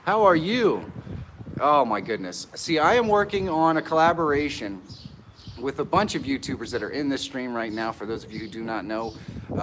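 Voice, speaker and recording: An excitable middle-aged man hosting a live stream from an outdoor pavilion, greeting viewers by name and laughing often, a bit nervous. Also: medium pitch, a little hiss or hum. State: nervous and stressed.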